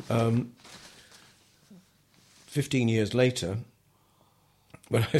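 A man's voice: deep voice, darkish tone, slightly rough. An older man telling his story in an interview, talking hesitantly with many ums and restarts. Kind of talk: relaxed oral history interview.

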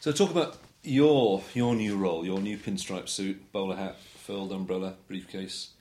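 Guy interviewing someone, low-ish voice, calm questions. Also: moderate pace.

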